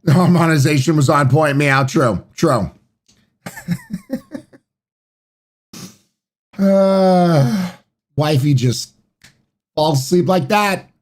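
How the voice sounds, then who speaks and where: A man's voice: fairly high pitch, slow. A man hosting a live stream, chatting casually and greeting viewers by name. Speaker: streamer and podcast host.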